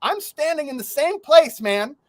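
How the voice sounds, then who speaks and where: A man hosting a podcast, telling a story in casual chat, animated, laughing through it and swearing freely. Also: extremely high pitch, a little slow, no room sound. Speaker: podcast host.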